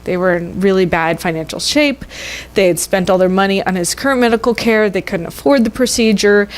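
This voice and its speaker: A woman minister telling a story in a sermon, conversational and expressive. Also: mid-range voice. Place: church sanctuary.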